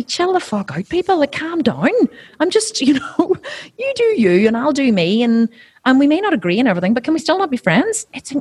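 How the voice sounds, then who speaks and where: A woman chatting as a podcast guest, blunt and animated, swearing freely and acting out what other people say. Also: fairly high pitch, breathy edge, no echo. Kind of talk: casual interview chat.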